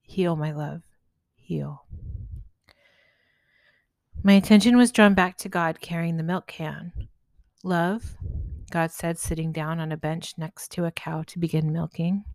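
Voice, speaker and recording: Low, gentle woman telling a spiritual story. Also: steady tone, moderate pace, no room sound.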